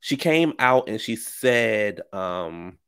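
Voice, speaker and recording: A man with a low, gravelly voice, rambling through casual gossip commentary. He talks in a chatty, slangy way and breaks off into asides. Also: expressive, slow pace, fairly bright tone. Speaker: commentary vlogger.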